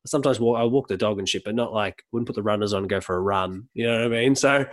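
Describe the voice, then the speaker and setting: A man, co-hosting a podcast, telling casual stories in an animated way and laughing as he goes. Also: on the low side, very fast. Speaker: podcast co-host. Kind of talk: casual storytelling.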